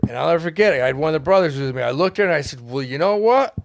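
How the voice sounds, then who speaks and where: A man telling a long story as a podcast guest, animated and profane, laughing as he goes. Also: fairly high pitch, rapid-fire, vocal fry, no room sound, studio quality. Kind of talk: casual storytelling. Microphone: studio mic.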